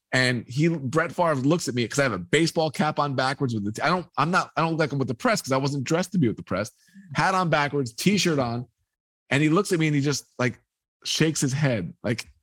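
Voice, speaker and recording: A man's voice: medium pitch, slightly rough, dry recording. A man, a sports photographer, telling a personal anecdote in an interview and acting out the dialogue as he goes. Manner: animated, acts out quoted dialogue. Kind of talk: storytelling anecdote.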